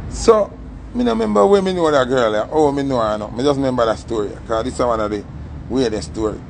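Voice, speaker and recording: A young man with a Jamaican accent telling a story in a casual, animated way and acting out the voices in it. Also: medium pitch, fast talker, vocal fry, slight background noise. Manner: animated, acts out the story's voices, patois-heavy.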